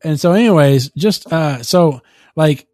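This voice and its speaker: A man casually recapping a movie on a podcast, animated and profane, often laughing through the story. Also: a little high, a little slow, no echo, studio quality. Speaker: podcast co-host.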